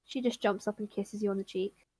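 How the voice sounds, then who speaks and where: A woman's voice: medium pitch, fairly even intonation, a little fast, darkish tone, no room sound. A woman running a tabletop game as game master, narrating scenes and voicing the characters lightly.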